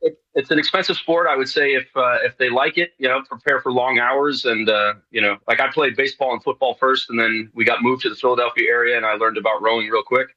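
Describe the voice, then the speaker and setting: A man's voice: medium pitch, steady tone, fast, hardly any pauses, bright, forceful tone, lo-fi sound. A middle-aged man from New York, a guest on a radio talk show, rambling casually with many fillers and restarts.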